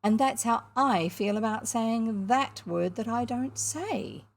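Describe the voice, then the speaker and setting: A woman reading aloud and voicing Puck, a mischievous ancient male hill sprite, with a lively, breathy, teasing manner. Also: on the high side, slow, pitched above the performer's own voice. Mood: scornful. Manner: lively, teasing, sing-song when chanting. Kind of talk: storybook reading.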